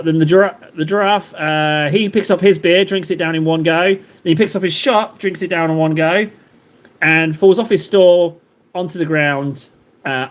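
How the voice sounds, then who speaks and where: Male stream host, high-pitched, loose and jokey, talks in fits and starts with constant fillers. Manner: rambling, jokey, lots of fillers and self-interruptions. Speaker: livestream host. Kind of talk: casual chat with live chat readers.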